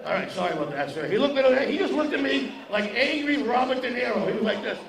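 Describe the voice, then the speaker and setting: An extremely high, creaky male voice comes through animated and quick. The comedian is teasing his live audience in a brash, jokey way from an event hall stage with a podium. Echo fills the hall and crowd noise is present.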